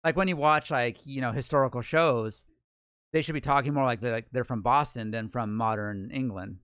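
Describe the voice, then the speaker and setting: A man's voice: medium pitch, moderate pace, fairly bright tone, clean tone, no echo, studio quality. A man co-hosting a casual chat, musing and explaining things in a chatty way.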